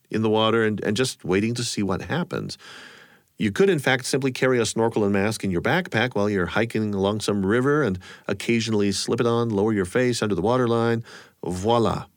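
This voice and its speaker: A man's voice: on the low side, no echo, studio quality. A male radio host, amused and chuckling easily, narrating from a script and asking his guest questions.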